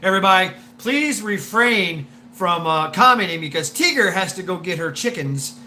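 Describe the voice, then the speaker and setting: A man's voice: high voice, lively intonation, moderate pace, sharp tone, a little hiss or hum. A man hosting a live stream, telling a story in a rambling way with swearing, laughs and many restarts.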